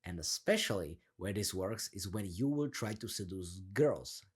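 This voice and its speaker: Energetic young man coaching with lively pitch. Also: moderate pace, breathy edge. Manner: energetic, laughing, slangy, demonstrates a deep down-turned delivery. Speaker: confidence coach. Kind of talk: casual coaching monologue.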